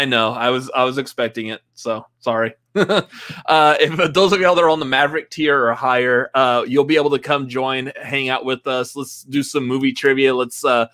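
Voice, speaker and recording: A man's voice: medium pitch, a bit bright. A young man co-hosting a casual live movie stream, rambling with lots of filler words and frequent laughter. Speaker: co-host.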